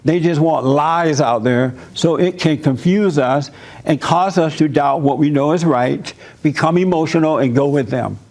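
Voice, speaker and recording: A man's voice: a little high, moderate pace, a little mellow. A man pastor giving a conversational church sermon, speaking emphatically and laughing between points.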